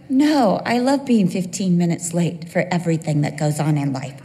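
A middle-aged woman preaching a sermon in a church, lively and humorous, acting out bits of dialogue with quick asides. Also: on the low side. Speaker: women's Bible teacher. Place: church sanctuary. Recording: long hall reverb.

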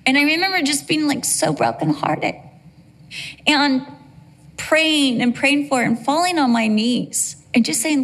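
A woman's voice: high voice, lively intonation, normal speed, fairly bright tone. A middle-aged woman preaching a sermon, telling a personal story in an earnest, emotional way.

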